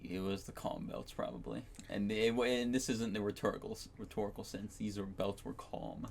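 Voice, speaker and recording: A man's voice: on the low side, normal speed, vocal fry, slight background noise. A young man reacting to anime in casual chat, a little sick with a cracking voice, teasing and laughing often.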